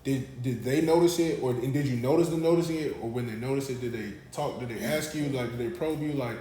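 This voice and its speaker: A man's voice: medium pitch, fast, dark tone. A man hosting a podcast, asking rambling, searching questions. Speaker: podcast host. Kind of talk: casual interview questions. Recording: roomy podcast audio with faint hiss.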